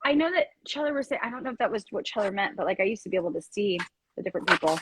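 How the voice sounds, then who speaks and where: A woman hosting a live-stream card reading, speaking in a gentle, rambling way with many fillers. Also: medium pitch, lively intonation, very fast, very noisy. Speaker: card reader and reiki host.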